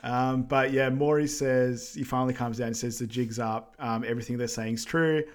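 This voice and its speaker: A man co-hosting a podcast, recapping a film in a relaxed way, full of "um" and "yeah", now and then doing character voices. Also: mid-range voice, moderate pace. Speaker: podcast co-host. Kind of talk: casual movie recap chat.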